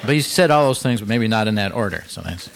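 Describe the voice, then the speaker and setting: A man's voice: lowish voice, expressive, quick pace, vocal fry, a little hiss or hum. A man hosting a radio talk show, joking and teasing his guests with dry banter into a studio microphone. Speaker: host.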